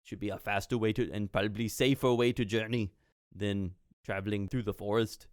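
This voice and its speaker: A man voicing a formal, polite male ministry official in a tabletop game, speaking in measured sentences. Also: on the low side, steady tone, a little mellow, no room sound, clean studio sound, natural voice.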